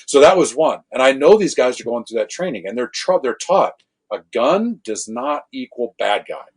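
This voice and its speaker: A man, a former law enforcement officer, tells animated stories on a podcast, acting out quotes and correcting his own swearing. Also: mid-range voice, moderate pace, breathy edge. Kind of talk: casual storytelling conversation.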